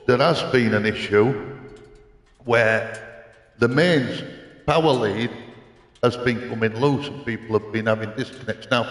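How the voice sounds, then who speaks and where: A man's voice: mid-range voice, echoey room, long reverb tail. An older man, chatting casually on a live gaming stream, rambling into stories and answering his chat. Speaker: livestreamer. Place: home racing-sim rig room.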